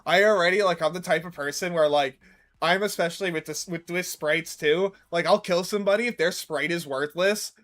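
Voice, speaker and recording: A man's voice: high-pitched, fairly quick, a bit bright. Rambling young man streaming a game. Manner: rambling, self-mocking, profane. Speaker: gaming streamer. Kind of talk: casual gameplay commentary.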